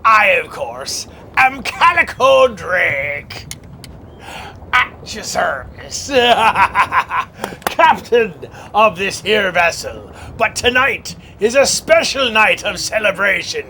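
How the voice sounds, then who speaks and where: A man's voice: sits high, big pitch swings, unhurried, few pauses, sharp tone, a little hiss or hum, full character voice. A man playing a boisterous pirate captain who hosts a horror movie show, talking with theatrical bluster and hearty laughs. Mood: boastful. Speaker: horror host. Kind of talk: sketch comedy.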